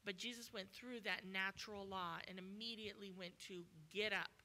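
A woman guest speaker preaches a sermon at a church at a moderate pace and medium pitch. She's animated and acts out the voices of people in the story's quoted dialogue.

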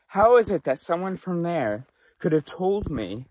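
A man with a slightly high voice, from the Chicago area, working through a stand-up bit in mock outrage. He stammers and restarts on purpose and builds the frustration into a rant. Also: very animated, unhurried, a little mellow, no echo. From Chicago area, United States. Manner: stammering restarts for comic effect. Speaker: comedian. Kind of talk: stand-up comedy monologue.

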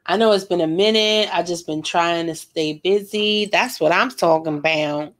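Lively laughing woman gossiping while painting. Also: on the low side, slow pace. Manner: slangy, laughs a lot, animated storytelling. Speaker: art vlogger painting live.

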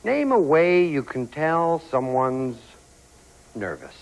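A man's voice: on the high side, big pitch swings, slow pace, rough recording. A man hosting a game show, bantering and punning with contestants in a television studio. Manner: joking, teasing contestants with puns. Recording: loud studio audience and ambience.

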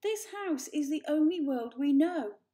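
A woman's voice: high voice, lively intonation, measured pace, dark tone, voice pushed up. A woman voicing an old, worried male cat elder who pleads earnestly. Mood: pleading.

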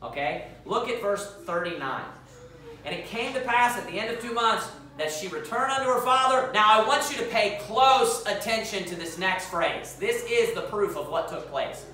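Male pastor, emphatic sermon delivery with scripture reading, crisp bright tone, recorded from a distance in a reverberant sanctuary. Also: high-pitched, animated, normal speed, slight background noise. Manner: emphatic, quizzes the congregation with questions. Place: church sanctuary. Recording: echoey church hall, mic far off.

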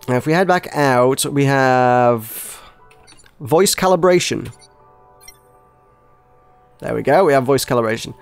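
A man's voice: medium pitch, clear, resonant tone. Rambling English man reviewing a game. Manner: rambling, hesitant, self-deprecating. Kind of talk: casual gameplay commentary.

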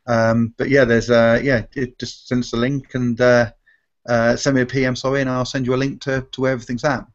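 A man's voice: medium pitch, little pitch movement, brisk. Rambling man, dull lo-fi audio. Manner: rambling, self-correcting, acts out quoted voices. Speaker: restaurant magician and comedy performer. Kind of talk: casual live Q&A storytelling.

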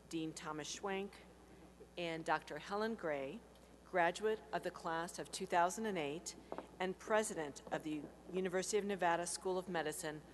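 A woman announcing and reading out names at a formal ceremony, in a clear, steady delivery. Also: fairly low pitch. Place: large hall. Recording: faint hum.

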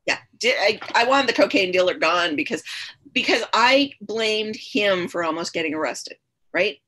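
A woman's voice: medium pitch, lively intonation, normal speed, pushed and bright, slightly rough. A woman guest on a podcast, telling her own story candidly and earnestly, often repeating her phrases for emphasis. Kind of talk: personal storytelling in conversation.

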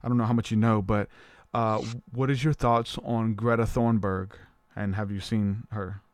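A man hosting a podcast in casual conversation, chatty and hedging, talking in quick bursts. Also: fairly low pitch, little pitch movement, dry recording. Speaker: podcast host.

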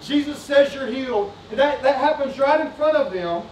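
High-voiced pastor preaching in a roomy church. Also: male voice, lively intonation, normal speed, a little hiss or hum. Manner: fervent, repetitive, asks the congregation questions. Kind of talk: sermon. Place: church sanctuary. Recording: roomy sanctuary sound, distant mic.

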